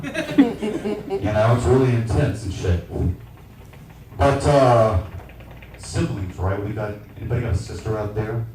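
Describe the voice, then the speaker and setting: Loud, brash forty-year-old male comic. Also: medium pitch, sing-song, moderate pace, a little hiss or hum. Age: 40s. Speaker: stand-up comedian. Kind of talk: stand-up comedy set. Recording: echoey venue miked from a distance.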